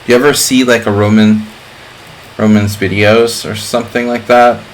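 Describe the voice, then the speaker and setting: A man's voice: fairly low pitch, flat delivery, normal speed, slight background noise, rough recording. A middle-aged man streaming chess, chatting casually in a rambling way with lots of fillers. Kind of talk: casual live-stream chat.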